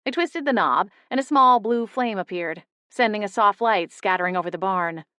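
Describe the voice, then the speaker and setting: A young woman narrating a first-person audiobook in a steady, intimate storytelling manner. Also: medium pitch, normal speed, clear, resonant tone, no echo, clean studio sound. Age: young adult.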